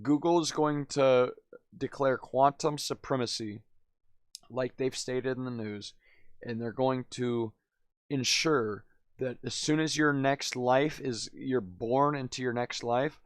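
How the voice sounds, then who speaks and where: A man's voice: mid-range voice, takes it slowly, dry recording. A man live streaming, telling a story in a rambling, slangy way, constantly saying "dude" and "man". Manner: laughs often, drifts loud then quiet.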